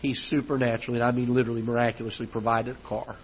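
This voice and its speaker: A man's voice: medium pitch, flat delivery, racing, muffled recording, a little hiss or hum. A man preaching a sermon as pastor, telling a story that builds into emphatic preaching. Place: church auditorium.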